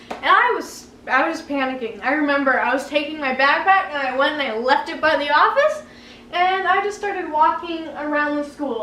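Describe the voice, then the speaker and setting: A young woman telling a childhood story at home in an animated, dramatic way, often breaking into laughter. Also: sits high, recorded from a distance, a little hiss or hum. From Canada. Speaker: vlogger. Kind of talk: story-time vlog. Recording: roomy room, a bit off mic.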